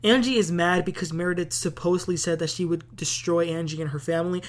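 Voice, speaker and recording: A woman's voice: lowish voice, steady tone, quick pace. A woman hosting a casual TV recap, chatty and opinionated, with plenty of filler words. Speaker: host.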